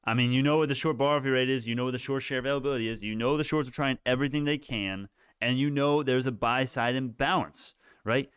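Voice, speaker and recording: A man's voice: medium pitch, fast talker, fairly bright tone, smooth, no room sound, clean studio sound. Rambling man calling live stock moves. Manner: rambling, self-correcting, profane. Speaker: livestream stock market host. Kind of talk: live market commentary.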